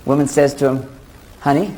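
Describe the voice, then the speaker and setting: Preserved on an old VHS tape with faint background noise, a middle-aged man's jokey talk on relationships has a live audience listening as he tells stories and acts out dialogue animatedly. He speaks a little fast in a high-sitting voice.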